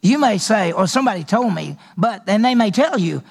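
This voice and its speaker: Husky gravelly male preacher. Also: high voice, expressive, brisk. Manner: conversational preaching with acted dialogues and repetition. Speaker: pastor. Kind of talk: sermon.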